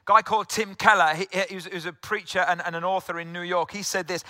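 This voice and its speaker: Welsh-born male pastor, middle-aged, earnest sermon voice, high pitch, dry close sound. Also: fairly even intonation, quick pace, few pauses, pushed and bright, no room sound. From South Wales. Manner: earnest, direct address, repeats phrases for emphasis. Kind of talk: sermon to an online congregation.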